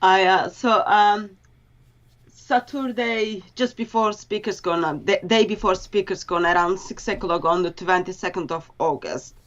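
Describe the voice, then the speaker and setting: Halting, earnest woman on dull audio. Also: medium pitch. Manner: halting, earnest, with grammar slips. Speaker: interview guest.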